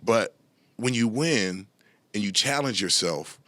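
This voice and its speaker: A middle-aged man talking as a podcast guest, telling animated stories, laughing often and swearing freely. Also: on the low side, slow, no echo. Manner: laughs often, swears freely, repeats "you know what I'm saying". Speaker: guest musician and actor. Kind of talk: animated storytelling in casual chat.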